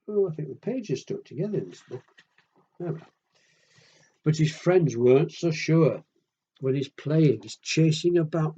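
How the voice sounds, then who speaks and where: A man reading picture books aloud to children in a gentle, chatty way, often asking the listener questions. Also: fairly high pitch, slightly rough, highs cut off. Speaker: children's storyteller.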